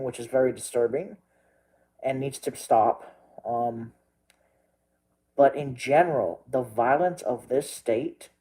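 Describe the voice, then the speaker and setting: A man's voice: mid-range voice, dark tone, slight background noise, poor audio. A young man from Texas, a storm chaser vlogging, rambling emotionally and crying as he repeats himself. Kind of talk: emotional vlog rant.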